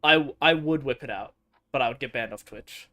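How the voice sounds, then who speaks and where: A man's voice: mid-range voice, moderate pace, pushed and bright. A man streaming and chatting casually over gameplay, rambling and swearing freely. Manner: rambling, crude and profane.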